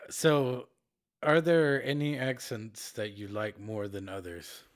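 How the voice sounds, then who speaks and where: A man's voice: medium pitch, slow pace, creaky. A young man cohosting a casual podcast chat, teasing, swearing freely and sighing between lines. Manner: crude, teasing, swears often, sighs. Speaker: podcast co-host.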